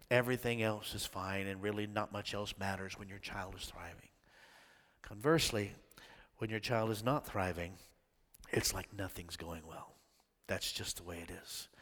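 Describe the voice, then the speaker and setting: An older man pastor preaching a sermon, swinging from loud shouts down to hushed whispers. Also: mid-range voice. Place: church sanctuary. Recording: long reverb of a church hall.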